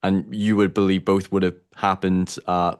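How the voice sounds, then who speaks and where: A man's voice: sits low, flat delivery, moderate pace, clear, resonant tone. A man hosting a casual interview podcast, asking long, hesitant questions with many fillers. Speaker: podcast host.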